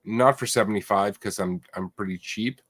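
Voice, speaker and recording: A man co-hosting a casual comic sales show, talking in a relaxed, hesitant way with many fillers. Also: on the low side, moderate pace, dry recording. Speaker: co-host. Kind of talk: casual chat about comic prices.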